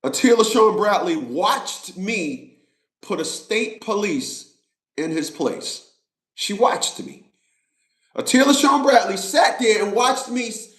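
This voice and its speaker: A man's voice: high-pitched, animated, takes it slowly, a bit bright. A man talking straight to his viewers in a casual monologue, emphatic and repetitive, like a preacher. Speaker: vlogger. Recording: roomy echo.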